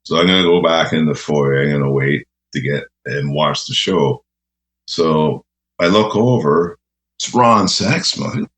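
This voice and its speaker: Guest: very low-voiced man, unhurried, chuckles through goofy stories. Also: fairly bright tone. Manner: laughing, rambling anecdotes, says "eh". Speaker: radio host guest. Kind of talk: casual storytelling.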